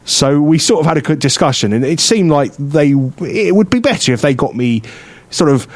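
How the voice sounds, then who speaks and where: A man hosting a radio show, telling a story in casual chat, animated and quick to laugh. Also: a little high. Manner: animated storyteller who acts out other people's voices and laughs often. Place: radio studio.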